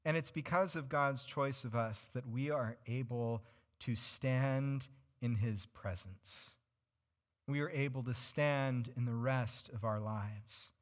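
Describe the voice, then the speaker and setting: A man's voice: medium pitch, takes it slowly. A male pastor preaching a sermon, earnestly explaining scripture and putting questions to his congregation.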